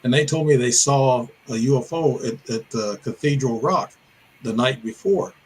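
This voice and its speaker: A man's voice: mid-range voice, normal speed, slight background noise, rough recording. Older man telling a winding story. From Midwestern US (Illinois). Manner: detailed, meandering storytelling with self-corrections. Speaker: podcast guest. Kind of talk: recounting a personal encounter story.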